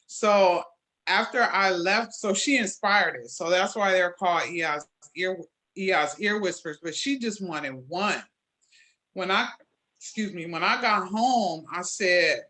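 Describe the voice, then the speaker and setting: A woman jewelry maker being interviewed, telling her story in a lively way and acting out the conversations she recalls. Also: mid-range voice, measured pace. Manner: animated storyteller, acts out quoted exchanges.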